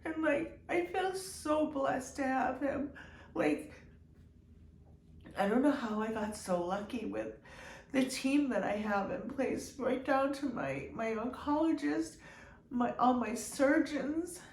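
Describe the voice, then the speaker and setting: A woman hosting her own video diary, speaking in an emotional, halting way with many restarts and fillers. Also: sits high, a little mellow. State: tearful at times. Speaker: channel host. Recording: echoey room, somewhat far from the mic, faint background noise.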